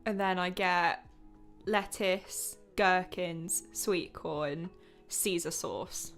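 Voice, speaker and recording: Slow-talking giggly woman. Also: fairly low pitch, soft background music. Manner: unhurried, giggly, enthusiastic. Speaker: radio co-host. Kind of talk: casual radio chat.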